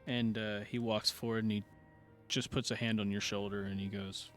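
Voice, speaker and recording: Male game master, mid pitch, halting narration, faint music behind. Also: little pitch movement. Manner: hesitant narration with frequent "uh"s.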